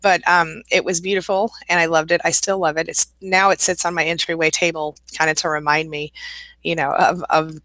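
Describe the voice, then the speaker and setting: A woman's voice: low voice, level tone, fairly quick, bright, forceful tone, no echo. A middle-aged woman hosting a live stream, reading out viewer comments and greeting people in a chatty, welcoming way with frequent laughs. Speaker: host.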